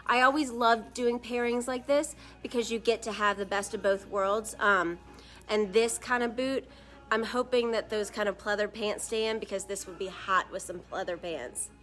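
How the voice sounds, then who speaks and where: A woman's voice: medium pitch, normal speed, a bit bright. A woman hosting a live shoe showcase, chatty and upbeat, talking straight to viewers. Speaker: shoe store host.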